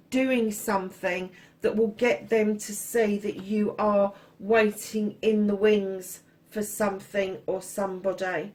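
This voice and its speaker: A woman's voice: medium pitch, fairly even intonation, unhurried, hardly any pauses. A woman giving a casual tarot reading to her viewers, blunt and frank, swearing freely and calling listeners darling. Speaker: tarot reader.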